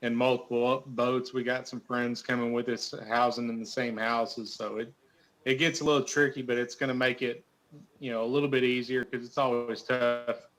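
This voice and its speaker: Young man, interview guest, humble, steady, flat even pitch, restarts. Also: normal speed, rough recording. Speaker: guest, tournament angler. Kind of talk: casual interview chat.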